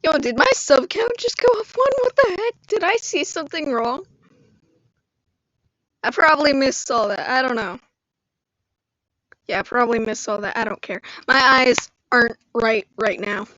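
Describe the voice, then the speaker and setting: A young woman live streaming and chatting casually with her viewers, congested from allergies and prone to emotional high squeals and laughter. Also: lively intonation, moderate pace, long pauses, fairly bright tone, dry recording, dull audio. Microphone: phone or computer mic.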